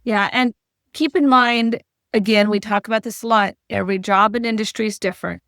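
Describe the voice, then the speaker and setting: Calm woman guest explaining advice. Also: medium pitch, fairly quick, dry recording, clean studio sound. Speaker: podcast guest, leadership expert. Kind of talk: advice-giving interview talk.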